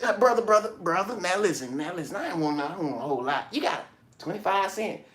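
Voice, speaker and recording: A man's voice: sits high, animated, fast talker, a bit bright. A wheedling male beggar, put on by a man, pleads for spare change in a raised, strained voice. He keeps pressing and repeating himself, insistent and hard to shake off. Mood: pleading.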